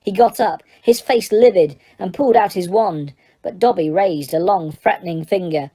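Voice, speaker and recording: A woman narrating an audiobook in a steady, even storytelling manner. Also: mid-range voice, normal speed. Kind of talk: scripted narration.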